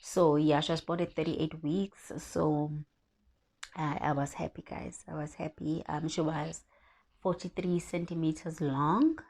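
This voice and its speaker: A woman's voice: sits low, measured pace. A young South African woman with a South African accent, a vlogger telling a personal story in casual chat and acting out the dialogue. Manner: lively, animated, acts out dialogue.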